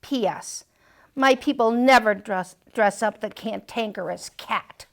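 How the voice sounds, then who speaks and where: A woman's voice: on the high side, measured pace, vocal fry, a bit bright. A woman reading a picture book aloud, voicing an embarrassed pet dog forced into costumes, indignant and pleading. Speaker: storytime reader.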